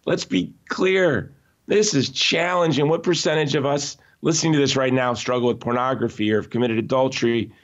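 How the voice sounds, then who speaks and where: A man being interviewed, telling stories in an animated, emphatic way with frequent restarts. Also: mid-range voice, a little fast, muffled recording. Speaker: interview guest. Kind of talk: conversational podcast interview.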